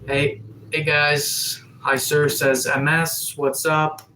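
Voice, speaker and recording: A man's voice: on the high side, little pitch movement, takes it slowly, pushed and bright, slight background noise, poor audio. Man streaming with a cold. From Atlantic Canada. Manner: reads out and answers chat comments. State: has a cold. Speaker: livestreamer. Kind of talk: casual live-chat stream. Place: sunroom.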